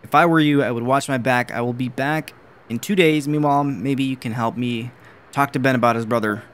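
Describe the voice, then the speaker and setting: Stern male private eye from a horror game, flat and plain, as a gamer reads him out. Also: medium pitch, fairly quick, clear, resonant tone, lightly acted.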